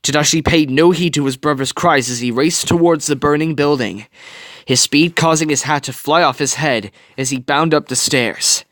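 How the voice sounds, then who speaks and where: A man reading a fan story aloud with dramatic, expressive narration. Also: fairly high pitch, moderate pace, no room sound, studio quality. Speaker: reader.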